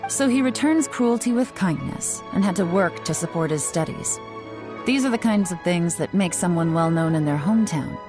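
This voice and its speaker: A woman's voice: lowish voice, over music, lightly acted. A woman voicing a shrewd young traveler. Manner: measured, playfully formal when flattering. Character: calm young female traveler, shrewd and polite. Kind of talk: video game dialogue.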